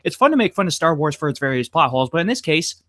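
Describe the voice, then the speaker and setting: A man on a casual podcast, joking crudely and rushing through an article. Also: fairly high pitch, big pitch swings, a bit bright. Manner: crude, joking, rushed reading. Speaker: podcast guest. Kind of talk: casual podcast chat, speed-reading an article.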